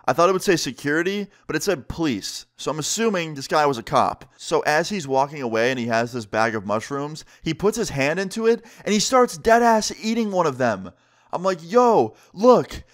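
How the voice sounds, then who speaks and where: A man telling a casual story-time vlog in an animated, slangy way, swearing freely. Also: a little high, fairly quick, few pauses. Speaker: storyteller vlogger.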